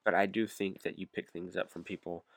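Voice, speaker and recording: A man in his forties in a casual chat, calm and hesitant, often searching for words. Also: low voice, fairly quick, no room sound. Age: 40s. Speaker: podcast co-host.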